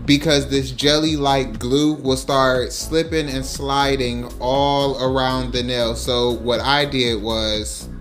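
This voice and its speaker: A man telling a casual storytime over a nail art tutorial, animated and acting out the quotes. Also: slow, hardly any pauses, faint music behind. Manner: animated, acts out quotes in higher voices.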